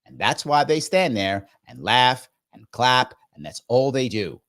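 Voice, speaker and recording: A man's voice: mid-range voice, sing-song, unhurried, a bit bright. A man hosting a live reaction show, commenting on a clip in a sarcastic, mocking way.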